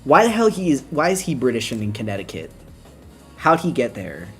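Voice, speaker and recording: A co-host in their twenties chatting casually, rambling and laughing through quick asides. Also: medium pitch, huge pitch swings, soft background music. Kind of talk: casual chat.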